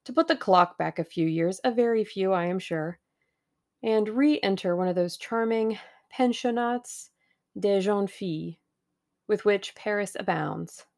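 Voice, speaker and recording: A woman doing a smooth scheming businessman. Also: mid-range voice, unhurried, close to an everyday voice. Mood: smooth, persuasive. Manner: genial and persuasive.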